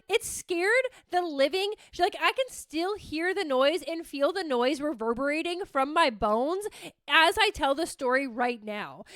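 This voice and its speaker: A young woman hosting a podcast, telling stories in a casual, animated, self-mocking way and swearing freely. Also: high voice, dry recording, studio quality. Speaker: podcast host. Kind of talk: casual storytelling monologue.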